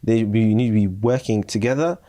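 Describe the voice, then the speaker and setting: A man's voice: fairly low pitch, brisk, mellow, dry recording. A man hosting a religious podcast, asking questions and adding affirmations. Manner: conversational, interjecting affirmations. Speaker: podcast host. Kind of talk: podcast interview.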